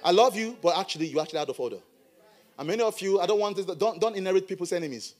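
Animated high-voiced male preacher. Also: racing. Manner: animated preaching with playful asides. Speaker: pastor. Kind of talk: sermon. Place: church.

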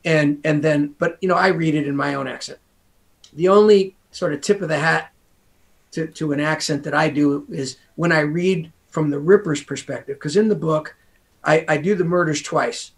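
A man's voice: on the high side, normal speed, gravelly. An American man, a guest author, talking casually in an interview in a rambling way, full of asides. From United States.

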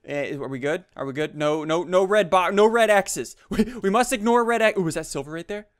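A young man giving excitable, jumpy gameplay commentary, laughing often and yelping when startled. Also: sits high, a little fast, smooth. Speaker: gaming YouTuber. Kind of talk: Let's Play commentary.

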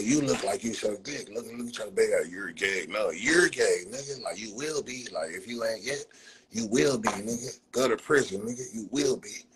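Speaking in a lowish voice, this livestream host launches into a casual, profane roast rant, mocking people and dropping "blood" again and again as filler. The audio comes through a phone livestream mic and sounds rough.

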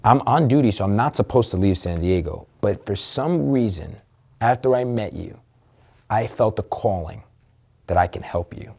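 A man's voice: on the low side, expressive, normal speed, creaky, warm tone, husky. A man telling a candid personal story as an interview guest, earnest and emotional, swearing casually.

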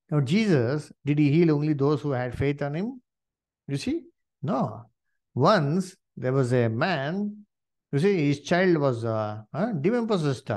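Animated preacher with a lively voice. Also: male voice, fairly high pitch, measured pace. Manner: animated, many "you see" and "uh" fillers; addresses listeners as "dear brethren". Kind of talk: Bible study sermon.

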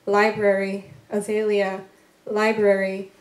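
A woman from Korea reading her poems aloud at a live literary event, slow and deliberate with pauses between lines, with soft, tentative asides between poems. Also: medium pitch, monotone. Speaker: poet reading her work. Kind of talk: poetry reading. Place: event room at a literary venue. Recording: echoey live event room.

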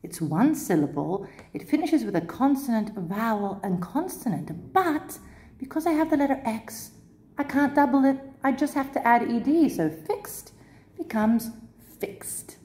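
A woman teaching an English spelling lesson, explaining the rules patiently and clearly with lively emphasis. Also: on the high side, unhurried. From Cyprus. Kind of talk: grammar lesson.

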